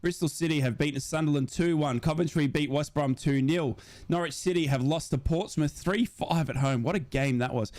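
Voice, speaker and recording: A man hosts a live football watch-along stream. His voice sits a little high. He calls the play for his chat and reads out the scores in a steady voice. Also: moderate pace. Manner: excitable, shouting at big moments; steady score round-up reading. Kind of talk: live match commentary to chat.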